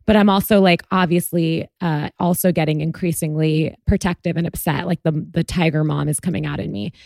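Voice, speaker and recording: Woman podcast host, lowish pitch, earnest storyteller, dry close recording. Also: steady tone, brisk, gravelly, darkish tone, no room sound. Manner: earnest, storytelling with many fillers. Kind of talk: conversational interview.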